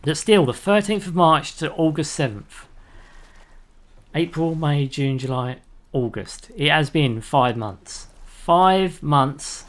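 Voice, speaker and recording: A man's voice: on the high side, lively intonation, slow, fairly bright tone. Chatty man rambling through stream commentary. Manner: rambling, chatty, talks to chat viewers; laughs easily at his own jokes. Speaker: live streamer playing a video game. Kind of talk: casual live-stream gameplay commentary.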